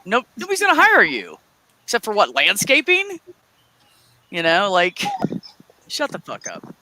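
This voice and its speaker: A woman co-hosting a casual livestream, telling profane, animated anecdotes and acting out the quotes. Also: medium pitch, measured pace, no echo, rough recording. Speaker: livestream co-host, store worker. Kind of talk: casual chat storytelling.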